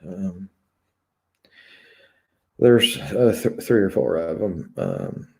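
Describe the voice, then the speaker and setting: A man hosting his own live stream, reading out viewer comments and talking frankly in a hesitant way with many pauses. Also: sits low, huge pitch swings, vocal fry, warm tone, slightly rough. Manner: candid and confessional. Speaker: YouTube channel host.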